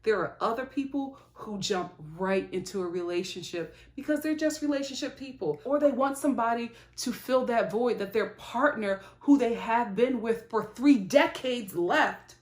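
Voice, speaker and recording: A woman giving a casual, animated vlog review of a reality show, sympathetic and chatty. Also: a little high, moderate pace, few pauses, echoey room.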